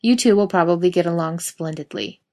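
A cocky young prankster, read out by a woman in a story narration speaks in an easy, teasing way. The voice sits a little low and calm, barely shifted from her own. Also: fairly quick, lightly acted. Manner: easygoing, teasing delivery. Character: smug young male prankster, relaxed and teasing.

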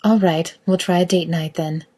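A woman voicing a self-assured, gently teasing woman who is in charge, speaking in a calm, lightly commanding way. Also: lowish voice, moderate pace, slightly rough.

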